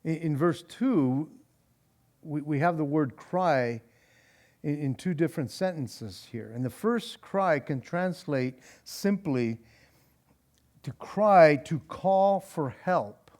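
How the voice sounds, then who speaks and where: A man with a high, light voice teaches scripture as a pastor at a church Bible study. He talks in an animated, conversational way, stumbling and repeating words as he goes. He laughs easily between points. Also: slow pace.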